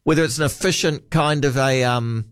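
A man's voice: medium pitch, moderate pace, clear, resonant tone, no echo, studio quality. A man hosting late-night talkback radio in a chatty, musing way, reading out listener texts. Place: radio studio.

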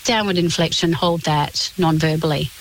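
A woman, a communications specialist answering on a radio interview in a clear, explanatory, measured way. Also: low-pitched, poor audio.

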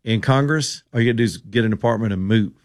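A man's voice: fairly low pitch, quick pace. A man hosting a radio talk show, giving casual political commentary in an opinionated, rambling way with sarcastic asides.

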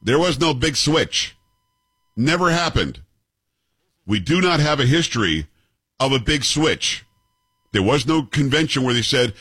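A man's voice: medium pitch, expressive, unhurried, pauses often, a bit bright, slightly rough, no room sound. A man in his fifties hosting a commentary show, arguing with clips in a combative, sarcastic way and firing off rhetorical questions. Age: 50s.

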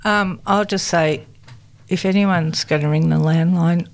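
A woman's voice: on the low side, steady tone, measured pace. A woman co-hosting a community radio show, teasing her co-host with dry humour. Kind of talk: casual radio chat.

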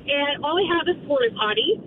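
High-voiced woman telling a story over the phone. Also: brisk, slight background noise. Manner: animated, laughs often, acts out voices in her story. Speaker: radio show caller. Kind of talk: casual storytelling on air. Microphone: telephone. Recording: tinny phone line.

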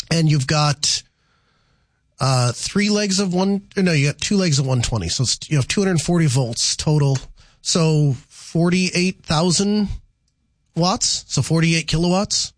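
A man's voice: on the high side, animated, moderate pace, dry recording. A man hosting a call-in radio show, thinking aloud and restarting his sentences as he works through answers. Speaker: radio talk show host.

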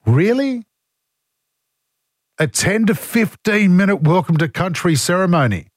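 A man's voice: high-pitched, sing-song, unhurried, no echo, clean studio sound. A man with an Australian accent hosting talkback radio, reading listener texts and giving blunt, indignant opinions while fighting a cold. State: has a cold. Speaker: talk radio host. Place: radio studio.

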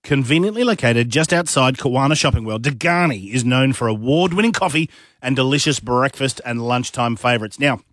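A man's voice: medium pitch, lively intonation, a little fast, fairly bright tone, no room sound, studio quality. A man co-hosting breakfast radio, reading a cafe ad with an upbeat, salesy delivery. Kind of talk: scripted live ad read.

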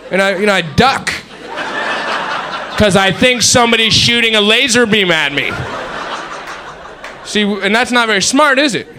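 High-voiced man, jittery stand-up bit. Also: animated, fairly quick, long pauses, noisy background. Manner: anxious, rambling, with sound-effect noises. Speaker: stand-up comedian.

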